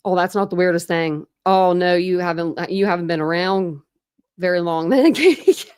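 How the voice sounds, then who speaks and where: In a fairly low, smooth, slightly mellow voice, an Ohio woman speaks at a normal pace during her relaxed true crime live stream. The sound is clean studio audio without room noise, and she wanders between topics, laughing frequently as she answers the chat.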